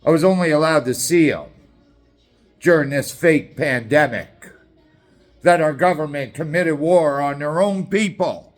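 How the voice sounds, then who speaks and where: A man's voice: on the high side, a little slow, faint music behind. A middle-aged man from Canada, ranting in an angry, combative and sarcastic way as a political activist, swearing often.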